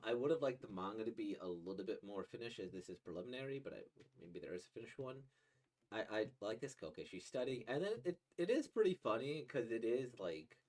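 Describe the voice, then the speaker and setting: A young man casually reacting to a manga, rambling with many restarts and short laughs. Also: lowish voice.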